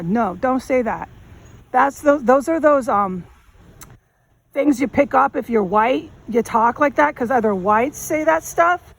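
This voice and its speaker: A woman rambling emphatically in casual slang as she walks a city street and films a vlog on her phone. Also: on the high side. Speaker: vlogger. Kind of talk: walking vlog monologue. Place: city street outdoors, walking. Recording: faint street noise outdoors. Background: street noise and passing traffic.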